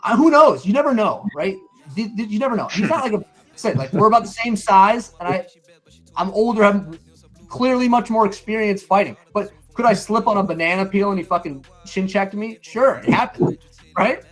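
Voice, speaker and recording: A man's voice: sits high, moderate pace. A middle-aged man with a slightly raised voice tells stories in casual chat. He acts out other people's lines and curses freely. Faint music plays behind him. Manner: animated storyteller, acts out quotes, swears freely. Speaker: stream co-host.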